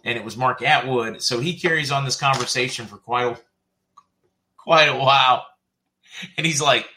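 A middle-aged man with a Southern US accent hosts a relaxed livestream and reads out viewer comments. His voice is bright and forward, at an ordinary pitch. He laughs easily and hops from one topic to the next. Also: moderate pace, long pauses. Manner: chatty, laughs often, jumps between comments. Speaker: host reading viewer comments. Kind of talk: casual livestream chat.

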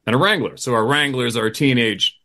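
A man's voice: mid-range voice, a little fast, bright, forceful tone. A middle-aged man, a hunting guide, telling a story in casual, profane chat and acting out the quotes.

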